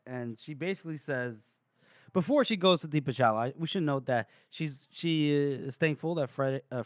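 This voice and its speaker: A man's voice: on the high side, dry recording, studio quality. A man co-hosting a podcast, casually and animatedly recapping a book chapter. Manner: animated retelling, acting out characters. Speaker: podcast co-host.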